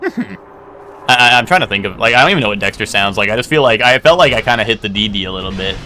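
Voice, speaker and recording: Lively, bright-voiced male streamer. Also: lowish voice, fast talker, slight background noise. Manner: rambling, swearing, laughing, many fillers. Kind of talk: casual live gameplay commentary.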